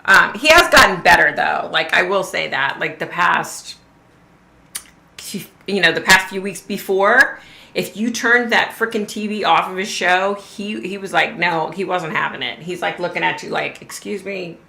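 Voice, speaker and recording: A woman's voice: fairly low pitch, normal speed, gravelly, pushed and bright, roomy sound. A middle-aged woman hosting a livestream, chatting casually and cursing now and then. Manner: chatty, swears freely, drawls "y'all". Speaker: host of a livestream.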